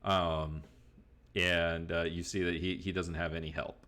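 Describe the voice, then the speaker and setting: A man's voice: deep voice, flat delivery, unhurried, bright, forceful tone. A man narrating a tabletop game as game master, rambling loosely with many restarts.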